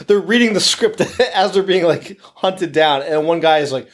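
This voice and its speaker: A man's voice: a little high, measured pace. A man co-hosting a casual movie podcast, joking and laughing through his points. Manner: jokey, laughs while talking, swears. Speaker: podcast co-host.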